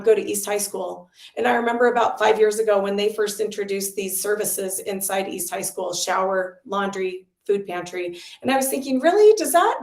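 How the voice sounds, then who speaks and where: A woman's voice: medium pitch, darkish tone. Brief: middle-aged woman policy director, conversational and earnest, echoey room. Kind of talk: presenting at an online volunteer meeting.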